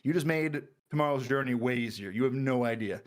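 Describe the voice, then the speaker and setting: A man's voice: mid-range voice, a little fast, natural voice. Guy playing a chill chatty traveler dude, ordinary voice. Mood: friendly.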